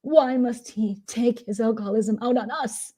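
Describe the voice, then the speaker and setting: A woman voicing a shrill, indignant woman who whines with exaggerated outrage. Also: moderate pace, mellow, slightly rough. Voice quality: high, whiny.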